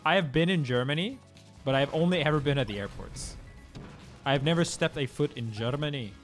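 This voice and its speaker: A man's voice: fairly high pitch, fairly quick, faint music behind. Laid-back, slangy young man streamer. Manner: laid-back and slangy, swears freely, loose rambling delivery. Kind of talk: casual chat with viewers.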